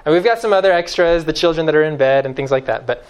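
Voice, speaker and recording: A man preaching a sermon, emphatic and fond of repeating key phrases, swinging from loud stresses to hushed lines. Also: a little high, fast, clear, resonant tone.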